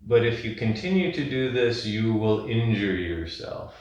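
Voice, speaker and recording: A man voicing a shy, quiet inner voice that gives a polite, hesitant warning. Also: lowish voice, lively intonation, a little slow. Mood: timid. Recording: echoey room, distant mic.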